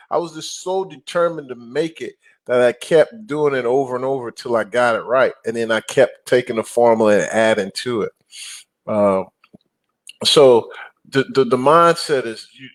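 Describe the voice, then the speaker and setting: A middle-aged man talking casually as a guest, an animated storyteller who acts out quotes and growls for emphasis. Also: mid-range voice. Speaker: guest, apartment investor. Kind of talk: casual interview talk.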